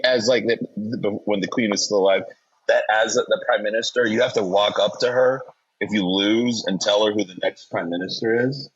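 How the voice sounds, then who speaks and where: Husky man, joking podcast host. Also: fairly low pitch. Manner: joking, profane, laughs a lot. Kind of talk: casual chat. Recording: dull lo-fi sound.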